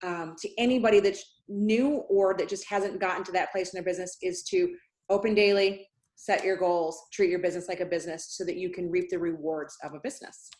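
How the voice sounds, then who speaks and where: A woman's voice: fairly low pitch, fairly even intonation, a little fast, a little mellow. A woman from upstate New York, hosting a casual group chat, upbeat and encouraging as she gives advice. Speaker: sales consultant, host.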